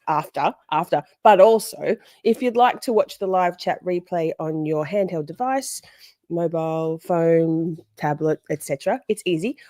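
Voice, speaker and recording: A woman's voice: fairly low pitch, mellow, no echo. A woman hosting a casual livestream, rambling chattily and greeting viewers by name. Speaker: livestream host.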